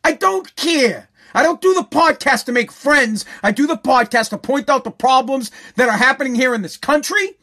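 A man hosting a podcast, ranting angrily, yelling and swearing, hammering on his points with repeated phrases. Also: extremely high pitch, a little fast, few pauses. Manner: yelling, profane, aggressive; repetitive, emphatic phrasing. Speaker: podcast host. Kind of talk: angry podcast rant.

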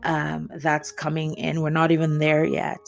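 A woman talks through a reality TV episode in a casual, animated way. She slips into the voices of the people she quotes and breaks into laughs now and then. Faint music plays underneath her. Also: low voice, a little slow, vocal fry. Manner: animated storyteller, acts out quotes, laughs often. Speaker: reality TV commentator. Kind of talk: casual chat recapping reality TV.

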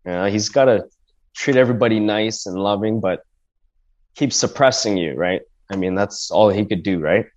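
A man's voice: fairly low pitch, normal speed, darkish tone. A man telling a personal story in a casual, rambling way, with restarts, often acting out what people said.

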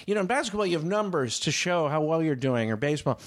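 A man tells a story in a casual chat. His voice sits fairly high, and he acts out both sides of an argument with lots of energy. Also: expressive, moderate pace, pauses often, a bit bright.

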